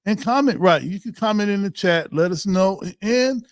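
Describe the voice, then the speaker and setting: Man, podcast host, fairly high voice, casual, affirming, dry sound. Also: animated, no echo. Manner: affirming, quick interjections.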